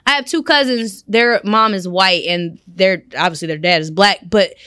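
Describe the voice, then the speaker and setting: A young adult woman co-hosting a podcast, reacting excitably and swearing freely in casual chat. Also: mid-range voice, moderate pace, clean tone, no echo, clean studio sound. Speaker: podcast co-host.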